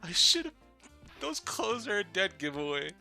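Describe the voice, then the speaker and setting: A man reading out a flippant young woman from a video game who mocks everyone she meets, in a bright, sharp voice over faint music. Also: high voice, very animated, measured pace, gravelly, voice pushed up, heavily acted. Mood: teasing. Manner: mocking, flippant. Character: teasing playful young woman. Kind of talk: live-streamed game reading.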